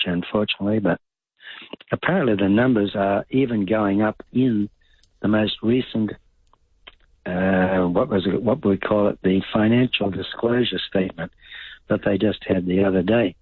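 An older man with a lowish voice calls in to a radio show, heard through a dry phone-line sound. In this casual talkback call he offers blunt, rambling opinions.

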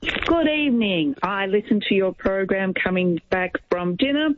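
A woman's voice: mid-range voice, lively intonation, moderate pace, noisy background. A woman calling a radio show, talkative and grateful. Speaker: caller. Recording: tinny phone line, dry.

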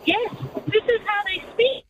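A woman's voice: very high-pitched, fairly even intonation, measured pace, far from the mic. A woman calling a radio show, a nanny from Australia, talking in an indignant, chatty way with lots of "like". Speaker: caller, nanny. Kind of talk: phone-in chat. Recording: tinny phone line with noise.

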